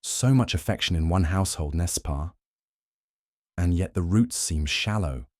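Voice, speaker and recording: Casual: guy doing a shrewd fussy belgian detective, polite and probing, tosses in french bits, low voice, dry close sound. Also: lively intonation, unhurried, no echo. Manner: courteous, probing, drops French phrases.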